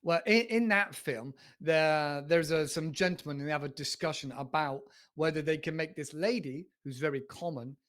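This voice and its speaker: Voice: medium pitch, moderate pace, few pauses, fairly bright tone. A host of an English-learning channel, chatting casually in an interview and rambling through questions. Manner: rambling, with many restarts and a chatty tone.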